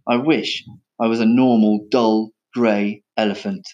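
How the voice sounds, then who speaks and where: A man's voice: lowish voice, steady tone, unhurried, darkish tone, dull audio, lightly acted. A man voicing a mournful, fussy male white elephant who complains dramatically.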